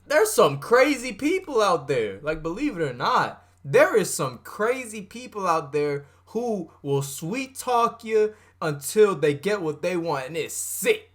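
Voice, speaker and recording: Animated, bright-voiced man reacting. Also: sits high, measured pace. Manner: animated, slangy, joking. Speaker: reaction video host. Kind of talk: casual reaction commentary.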